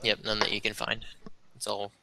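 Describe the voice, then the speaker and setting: Casual game master with a bright voice. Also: male voice, on the low side, completely flat delivery, moderate pace, gravelly, poor audio. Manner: casual, hesitant with fillers. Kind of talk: narrating a tabletop game.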